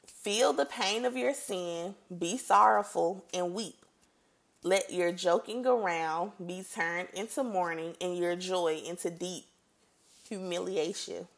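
A woman giving a casual Bible teaching. She reads scripture aloud and comments on it in a lively, conversational way. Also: lowish voice, slow, vocal fry. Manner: animated and conversational, reads scripture then reacts playfully.

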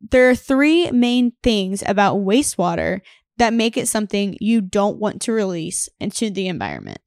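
A woman's voice: medium pitch, very animated, normal speed, darkish tone, no room sound, clean studio sound. A woman with a Southern US accent co-hosting a podcast, explaining things bluntly in a jokey, casual chat. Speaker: podcast co-host.

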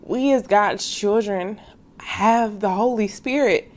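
A woman's voice: mid-range voice, slow pace. Young woman, faith podcast host, earnest and casual direct address. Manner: earnest, heartfelt, calls listeners sis; casual slangy speech.

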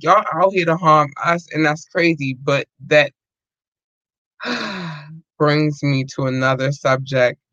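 A man hosts a loose, chatty podcast livestream, wandering from thought to thought and filling pauses as he goes. He swears freely and keeps calling to his listeners directly. The recording is dry and a little dull. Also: mid-range voice, a bit bright, no room sound. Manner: rambling, profane, many fillers, addresses listeners as y'all. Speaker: podcast host. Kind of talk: casual livestream chat.

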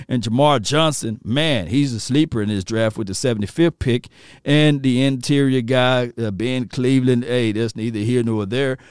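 A man hosting a casual sports podcast live stream, loose and slangy, shouting out viewers in the chat. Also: mid-range voice, clean tone, no echo, clean studio sound. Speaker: podcast host.

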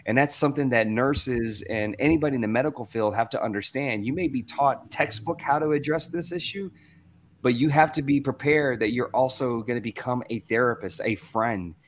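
A man from the American South gives a motivational talk from his office over a video call, middle-pitched and easygoing. He speaks animatedly and conversationally, acting out the voices he quotes. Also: moderate pace, a little hiss or hum. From Southern United States. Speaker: guest speaker.

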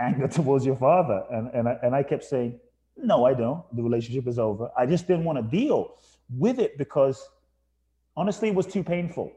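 In a mid-range, dark-toned voice, a man from England recounts his life story as a podcast guest. His reflective telling is earnest and emphatic, with phrases repeated for effect.

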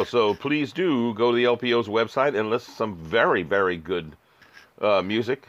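A man's voice: lowish voice, moderate pace, dry recording, muffled recording. An older man, hosting a podcast in a rambling, laid-back drawl. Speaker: podcast host. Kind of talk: casual chat and read ads.

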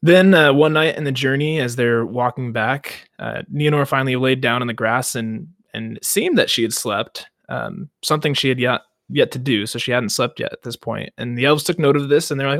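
A young man hosting a casual book podcast, retelling the plot in an animated way with mock quotes and little laughs. His voice sits at a mid pitch, and the dry, close recording has almost no room sound. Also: fairly quick, dry recording. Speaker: podcast co-host.

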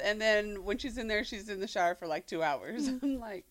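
A woman's voice: mid-range voice, moderate pace, fairly bright tone, no echo, rough recording. A woman co-hosting a radio show, playful and self-mocking, chatting about being a mother. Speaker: radio co-host. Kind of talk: casual radio banter.

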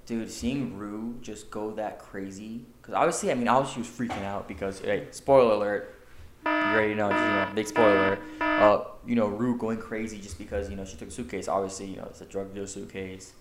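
A man's voice: on the low side, fairly even intonation, brisk, soft background music. A young man co-hosting a podcast, chatting casually with laid-back slang like "dude" and "you know". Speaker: podcast co-host. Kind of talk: casual chat. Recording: echoey room.

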